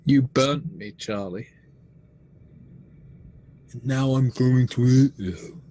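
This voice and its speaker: A man's voice: mid-range voice, slow, mellow, a little hiss or hum, voice pushed up, close to an everyday voice. A man voicing a gelatinous monster that mimics a dead woman's voice, pleading and menacing by turns.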